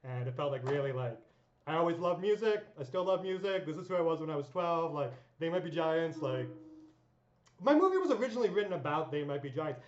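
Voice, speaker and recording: A woman's voice: deep voice, darkish tone. A woman in her thirties telling rambling stories in a casual vlog, full of fillers, swearing and laughs. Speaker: vlogger. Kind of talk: casual storytelling monologue. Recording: echoey dull room sound.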